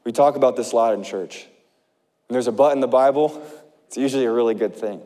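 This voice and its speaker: A male pastor preaching an impassioned sermon, swinging between loud urgent passages and hushed ones. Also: mid-range voice, fast talker, big-room sound.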